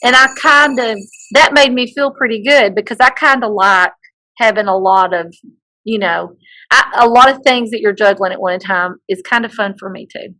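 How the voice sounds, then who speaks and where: A woman's voice: medium pitch, moderate pace, bright, forceful tone, rough recording. A woman co-hosting a podcast, chatting casually and joking and teasing her partner. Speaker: podcast co-host. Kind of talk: casual chat.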